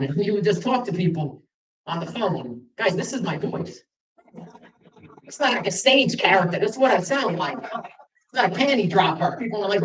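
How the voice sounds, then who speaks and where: A middle-aged man from Long Island, doing a stand-up set with self-deprecating stories and acted-out dialogue. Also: high-pitched. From Long Island, New York. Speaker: stand-up comedian. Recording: roomy venue, mic from a distance.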